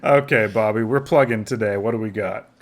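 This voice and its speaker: A man's voice: lowish voice, a little fast. Easygoing man leading a gaming podcast. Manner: easygoing, leads the segments with curious questions. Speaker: podcast host. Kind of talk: casual podcast chat.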